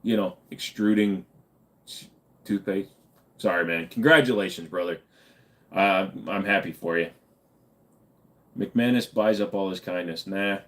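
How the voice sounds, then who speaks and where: A man's voice: sits low, unhurried, long pauses. A man hosting a casual livestream, reading viewers' chat aloud and answering with loose, joking, profane banter. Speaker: livestream host.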